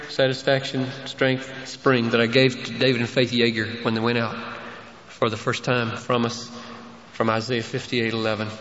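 A man's voice: mid-range voice, fairly bright tone. A man preaching a sermon as pastor, building to emphatic, raised bursts of conviction. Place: large church sanctuary. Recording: dull echoey church recording, faint hiss.

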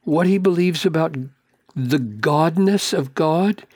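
A male preacher gives a sermon in a slow, husky voice. He presses rhetorical questions and builds to emphatic, high-pitched peaks. The recording is dry and close to the mic. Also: a little mellow, no room sound.

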